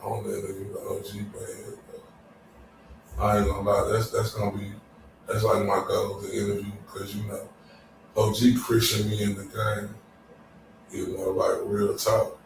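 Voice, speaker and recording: A man's voice: lowish voice, monotone, unhurried, creaky, long pauses, background noise. A man hosting a casual after-show chat, loose and exclamatory, laughing often. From Dallas, Texas. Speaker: show host. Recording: very echoey room, distant mic.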